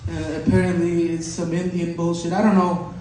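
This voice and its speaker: A man doing a stand-up bit, excitable and working himself into mock panic. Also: a little high, normal speed, a little hiss or hum. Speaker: stand-up comic. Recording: echoey room from a distance.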